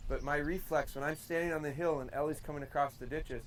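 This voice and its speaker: A man's voice: fairly high pitch, steady tone, fast talker, a little hiss or hum, poor audio. A man teaching dog training in a folksy, hands-on way outdoors, sometimes acting out the commands he gives. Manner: folksy, demonstrating commands in varied tones. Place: outdoors in a field.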